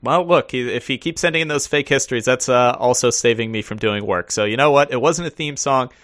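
A man's voice: medium pitch, a little fast, a bit bright, no room sound, clean studio sound. A man co-hosting a casual podcast, joking and swearing freely as he talks. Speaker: podcast co-host. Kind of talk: casual chat.

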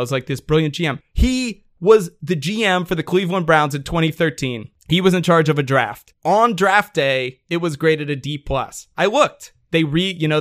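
A man's voice: fairly high pitch, fairly bright tone. Fired-up man ranting about sports. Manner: heated, profane, sarcastic ranting. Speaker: podcast co-host. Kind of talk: ranting sports podcast chat.

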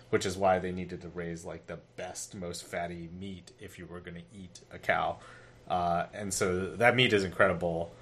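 A man on a podcast explaining things casually, halting now and then with fillers. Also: sits low, very noisy. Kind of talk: casual chat.

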